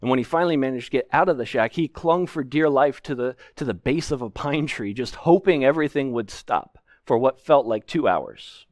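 A man's voice: medium pitch, brisk, few pauses, darkish tone, no echo, clean studio sound. A man preaching a sermon from a pulpit, explaining scripture earnestly and with emphasis. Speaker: pastor. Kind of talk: expository sermon. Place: church sanctuary, at a pulpit.

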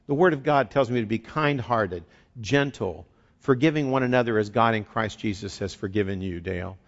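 A man's voice: on the low side, normal speed. A man preaching a sermon as a pastor in an earnest, conversational way, often restarting and repeating words. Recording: dull lo-fi recording.

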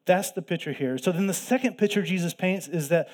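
A male pastor delivers a sermon in a relaxed, conversational teaching manner. His voice sits somewhat high for a man. He presses his points with emphasis and often starts a sentence over. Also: a little fast.

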